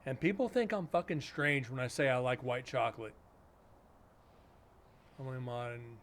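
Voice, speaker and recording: A man's voice: mid-range voice, moderate pace, a bit bright. Blunt, sarcastic male streamer. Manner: blunt, sarcastic, swears freely. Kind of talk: casual live-stream chat.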